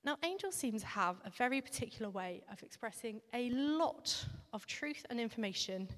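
A woman giving a sermon in a reflective, conversational way, now and then pausing with fillers. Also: a little high, animated, fairly bright tone. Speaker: preacher. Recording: long reverb of a large hall.

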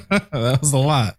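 A man co-hosting a casual podcast chat, relaxed and laughing as he explains. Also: medium pitch. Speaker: co-host.

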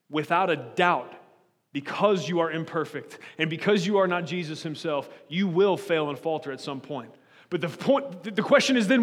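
A man's voice: on the high side, in a large hall. A man preaching a sermon as pastor, earnest and pleading, often restarting and repeating words as he builds his point.

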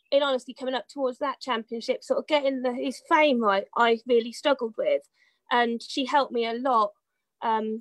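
A woman talks as a guest in a relaxed interview, rambling happily through her stories with plenty of fillers and laughs. Her voice sits a little high. The sound is dry and close, with no room around it. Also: no echo. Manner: chatty storyteller with fillers, laughs often. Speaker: guest, horse rider. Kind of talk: casual anecdotal chat.

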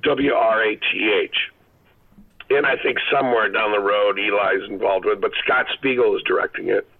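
A middle-aged male actor telling rambling, animated stories as a guest on a phone-in interview. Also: on the low side, moderate pace, creaky. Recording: phone line.

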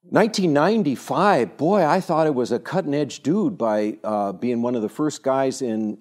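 Older male speaker, mellow voice, animated and digressive, telling anecdotes to younger listeners. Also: lowish voice. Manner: animated, rambling storyteller with many fillers and restarts. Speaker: speaker addressing a younger audience. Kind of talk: informal talk with anecdotes.

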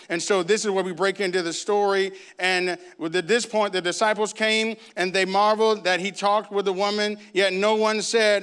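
Bright, animated male preacher. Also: high-pitched, fairly quick, hardly any pauses, clean tone. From grew up in a Baptist church. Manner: animated storytelling, acts out voices. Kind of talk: sermon.

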